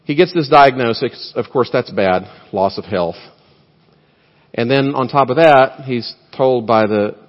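A male pastor delivering a sermon, swinging from loud, emphatic peaks to quiet, intimate storytelling. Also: medium pitch. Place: church sanctuary. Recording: dull sound with long hall reverb.

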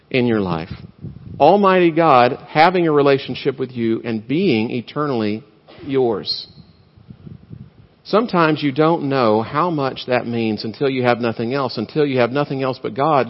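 A male pastor delivering a sermon, swinging from loud, emphatic peaks to quiet, intimate storytelling. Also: medium pitch. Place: church sanctuary. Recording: dull sound with long hall reverb.

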